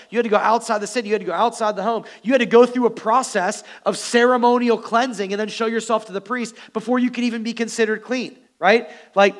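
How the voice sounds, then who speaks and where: Animated preacher man. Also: high voice. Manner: animated, joking asides to the congregation. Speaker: pastor. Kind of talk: sermon.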